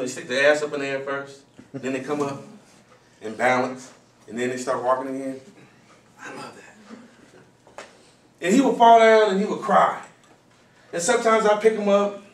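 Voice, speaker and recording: A man giving a live motivational talk to students, telling stories in an animated way, acting out voices and sometimes shouting. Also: on the high side. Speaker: motivational speaker. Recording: echoey hall from far off, faint noise.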